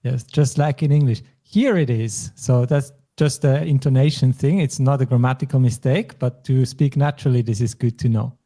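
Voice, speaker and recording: A man from German-speaking Europe hosts a language lesson at an even, middle pitch. His tone is mellow and relaxed. He explains each point patiently, step by step. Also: normal speed, hardly any pauses. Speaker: language teacher.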